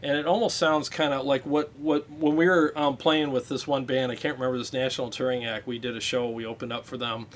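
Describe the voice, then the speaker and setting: A man hosting a casual livestream, talking about guitar gear in a relaxed, rambling way with many fillers. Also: mid-range voice, brisk, hardly any pauses, a little hiss or hum.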